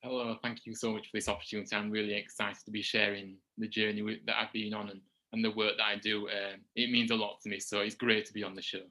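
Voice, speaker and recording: A man with a Yorkshire accent talks through a casual podcast interview, his voice sitting low with a bright, forceful edge. He hesitates often, stumbling and repeating words as he gathers his thoughts. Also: flat delivery, quick pace, hardly any pauses, rough recording. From Huddersfield, England. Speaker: guest, supporters group founder.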